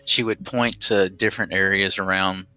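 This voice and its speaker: Bright, playful male game master. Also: low voice, steady tone, moderate pace, faint music behind. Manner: teasing, playful. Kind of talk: casual tabletop chat.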